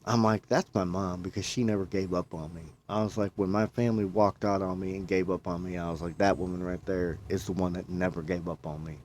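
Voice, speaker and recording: A man's voice: low voice, steady tone, fairly quick, few pauses, darkish tone, slight background noise. A man talking casually, telling a long personal story and often quoting himself. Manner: rambling, repeats himself, quotes himself. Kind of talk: casual chat.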